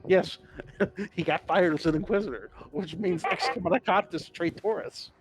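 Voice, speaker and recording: A man's voice: sits high, normal speed, poor audio. A man hosting a casual lore podcast, enthusiastic and profane, quizzing his co-hosts. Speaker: podcast host.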